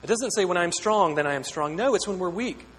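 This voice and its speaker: A man's voice: sits high, animated, fast, fairly bright tone. A pastor preaching a sermon, earnest and questioning, often repeating words as he builds a point. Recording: echoey hall with long reverb, faint hum.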